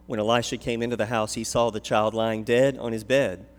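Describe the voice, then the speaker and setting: A man serving as a pastor, reading scripture aloud and praying in a measured, earnest way. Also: lowish voice, little pitch movement. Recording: long hall reverb.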